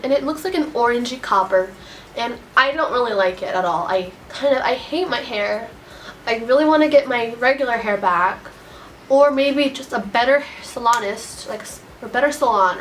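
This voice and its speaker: A woman's voice: fairly high pitch, a bit bright, slight background noise. A teenage girl telling a storytime vlog in a casual, rambling way, upset and full of "like". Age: teens. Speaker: vlogger.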